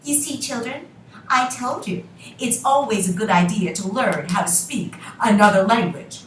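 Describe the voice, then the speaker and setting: A woman voicing a wise mother mouse who gently lectures her children, in a story told aloud. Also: fairly high pitch, moderate pace, reverberant, recorded from a distance, a little hiss or hum, lightly acted, poor audio. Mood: lecturing.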